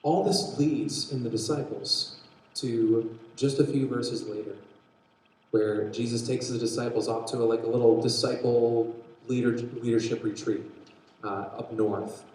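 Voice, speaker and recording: A man preaching a sermon, telling a Bible story with lively acted-out dialogue and frequent restarts. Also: medium pitch, a little slow. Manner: animated storytelling, acts out quotes, restarts often. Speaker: pastor. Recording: very echoey hall.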